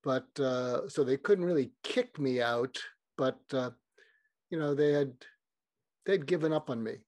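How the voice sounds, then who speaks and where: A man's voice: mid-range voice, unhurried, a little mellow, no echo. A man in his sixties, a psychiatrist guest, speaking reflectively and candidly with some fillers. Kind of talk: casual interview.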